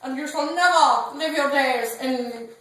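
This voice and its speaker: A woman voicing a stern man who solemnly sentences a prisoner, in a slow, grave delivery. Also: sits high, a bit bright. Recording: echoey room, far from phone mic.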